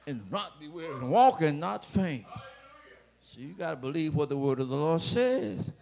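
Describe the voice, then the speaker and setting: Male preacher, high and gravelly, unhurried, dramatic with sudden shouts. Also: sing-song. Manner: dramatic, rising to shouts, playful asides. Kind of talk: sermon.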